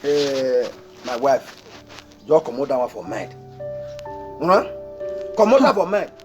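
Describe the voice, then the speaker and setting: A man's voice: medium pitch, big pitch swings, takes it slowly, faint music behind. A blustering Nigerian father. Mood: boastful. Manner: loud and bossy, with shouted outbursts. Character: blustering proud father of a stubborn son. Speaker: father and husband. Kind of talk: Nollywood comedy acting.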